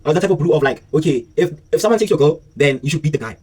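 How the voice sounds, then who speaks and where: Fast-talking husky young man, far from the mic. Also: a little high. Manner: slangy, animated retelling with acted-out dialogue. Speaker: vlogger telling a story. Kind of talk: casual storytime monologue.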